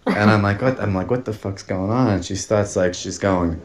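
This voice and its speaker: A man's voice: fairly low pitch, moderate pace. Laughing man rambling through a story. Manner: rambling, laughs often, many fillers and restarts. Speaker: podcast guest telling a story. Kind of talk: casual storytelling.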